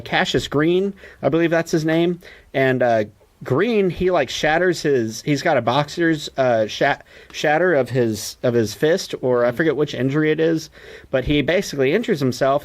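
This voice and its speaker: A man co-hosting a casual podcast about a film, lively and quick to act out lines from scenes. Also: fairly high pitch. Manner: animated, acts out film dialogue in quoted voices. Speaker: podcast co-host. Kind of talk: casual movie discussion.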